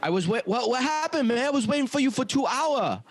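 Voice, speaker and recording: A man voicing an exasperated male ride-share driver, his pitch pushed up. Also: expressive, a little fast, a loud crowd.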